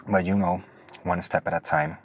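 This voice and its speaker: A man's voice: low voice, fairly even intonation, moderate pace. A man hosting a solo podcast, rambling nervously and hesitantly, often apologizing for how he talks. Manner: hesitant, self-deprecating, restarts often. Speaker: podcast host.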